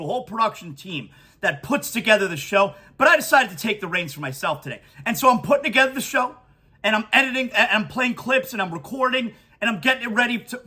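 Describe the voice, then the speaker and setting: A man hosting a sports podcast, talking emotionally and excitedly in a monologue with many stammered restarts. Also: extremely high pitch, husky. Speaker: podcast host.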